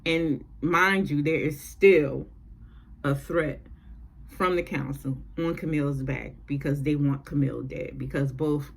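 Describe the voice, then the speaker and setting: Low husky woman recapping a show. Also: steady tone, a little slow. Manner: chatty, profane, sassy asides. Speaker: TV recap vlogger. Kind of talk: casual TV episode recap.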